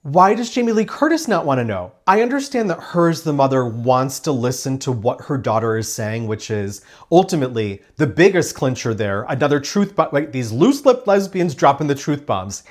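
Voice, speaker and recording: A man's voice: mid-range voice, sing-song, moderate pace, few pauses. Opinionated man reviewing a TV show. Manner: emphatic and opinionated, acts out quoted lines; sarcastic, dismissive asides. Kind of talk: casual spoken review.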